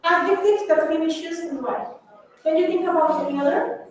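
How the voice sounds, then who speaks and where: A woman's voice: very high-pitched, normal speed. A woman whose first language is Spanish teaching an English grammar class, mixing Spanish into her explanations and calling her students babies. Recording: echoey room, far from mic, faint noise.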